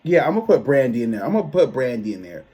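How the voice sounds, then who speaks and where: A man, giving a chatty, expressive album review that often trails off and restarts. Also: medium pitch, very fast, husky. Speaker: tarot reader and music reviewer. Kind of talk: casual album review monologue.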